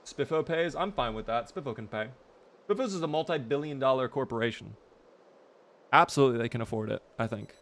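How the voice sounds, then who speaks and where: A man's voice: mid-range voice, a little fast, fairly bright tone. A man streaming a game live, chatting casually, teasing his character and answering his chat.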